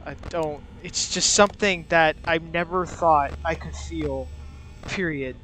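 At a measured pace and with a sharp tone, a young man with a voice on the high side provides nervous commentary on a horror game for his gaming channel. He swears, mutters and never stops talking to cope with being scared, his mouth covered by a mask.

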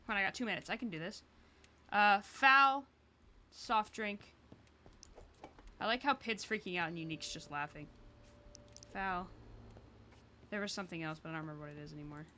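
A woman's voice: lowish voice, fairly quick, pauses often, pushed and bright. A woman streaming a cooking game, talking to herself in casual, exasperated commentary and swearing when things go wrong.

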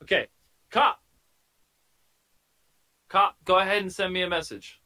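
Bright-voiced playful man moderating a game. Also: high voice, poor audio. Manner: playful, theatrical, drawn-out announcements. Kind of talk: moderating a video-call party game. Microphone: video call.

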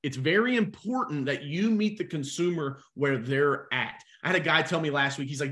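A young adult man coaching insurance agents in a live webinar, energetic and talking straight to the chat. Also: on the high side, normal speed, few pauses. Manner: energetic, animated, talks to the chat.

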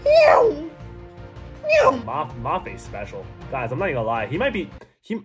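Hyped fast-talking gaming commentator man. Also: mid-range voice, sing-song, vocal fry, over loud music. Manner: hyped, rambling, talks to himself and viewers. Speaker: gaming YouTuber. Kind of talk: excited gameplay commentary.

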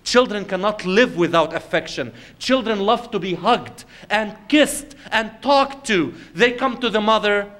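High-voiced male Islamic lecturer. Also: expressive. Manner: storytelling, with rhetorical questions; swings between loud emphasis and quiet, slow earnestness. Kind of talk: lecture to a religious audience.

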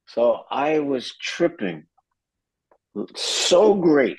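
A fairly low-voiced man from New Jersey, recounting an anecdote as an interview guest with lively, animated storytelling. His voice is dry and close, with no room around it. He slips into quoted voices now and then. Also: measured pace, dry recording, poor audio. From New Jersey, USA. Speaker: guest musician.

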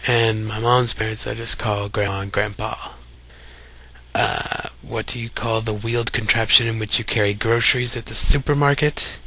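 A young man from Kentucky talks in a relaxed, chatty way with a light Kentucky accent. His voice sits a bit low but has a bright, forceful edge. He reads a list of words aloud one by one, like a casual home recording. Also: normal speed, husky. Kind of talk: casual voice meme reading.

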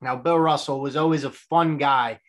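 A man in his twenties hosts a solo sports podcast, talking earnestly and reflectively in a conversational style. His mid-range voice is a bit bright, with fairly even intonation and a moderate pace.

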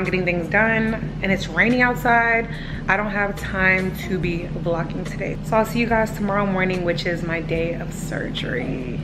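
A young woman, chatting excitedly to her viewers in a casual home vlog filmed on a phone. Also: medium pitch. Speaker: vlogger.

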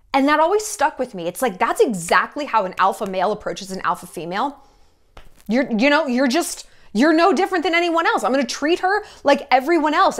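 Blunt, gossipy woman vlogger. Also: a little high. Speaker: YouTube commentator. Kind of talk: casual commentary vlog.

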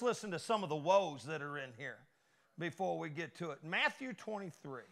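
A pastor preaches a sermon in a folksy, lively style, trading call-and-response asides with his congregation in a Midwestern American accent. His voice is on the high side, gravelly, and brisk.

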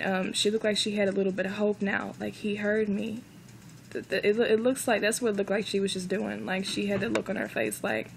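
A woman's voice: medium pitch, vocal fry, slight background noise, rough recording. A woman earnestly telling a personal faith testimony, emotional and close to tears, often repeating herself. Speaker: vlogger.

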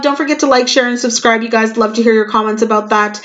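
A woman giving a spiritual card reading in a vlog, talking loudly and passionately with big swoops in pitch. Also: fast talker, few pauses. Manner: loud, passionate, swooping and animated. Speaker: spiritual reader and shaman. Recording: muffled lo-fi audio.

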